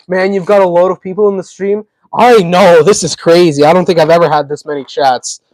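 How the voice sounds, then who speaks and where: A man's voice: sits high, a little mellow, no echo, poor audio. A man from Tennessee, hosting a livestream and chatting casually with viewers as he answers their messages. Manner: chatty, answers viewers' chat while building. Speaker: livestream host.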